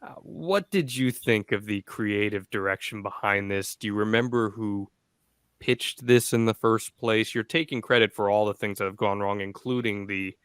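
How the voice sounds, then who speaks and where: A man interviewing a guest, asking measured, probing questions. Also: lowish voice, fairly bright tone, clean tone, dry recording.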